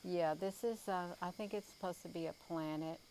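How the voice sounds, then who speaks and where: A woman's voice: lowish voice, moderate pace, a little mellow, a little hiss or hum, low-quality recording. A tired woman chatting live outdoors at night, rambling with many ums and calling her viewers "you all". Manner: rambling, full of ums and uhs. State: tired, yawning. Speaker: livestream host. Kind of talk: casual live sky-watching chat.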